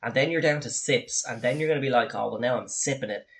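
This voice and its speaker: A man's voice: medium pitch, fast, creaky, slightly rough. A man with an Irish accent, co-hosting a casual beer-tasting podcast, rambling and teasing, with the odd swear when riled. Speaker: podcast co-host.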